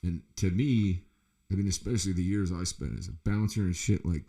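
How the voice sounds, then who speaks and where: A man's voice: sits low, brisk, mellow. A middle-aged man in casual podcast chat, rambling through stories with constant swearing. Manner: profane, rambling storyteller. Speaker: podcast host.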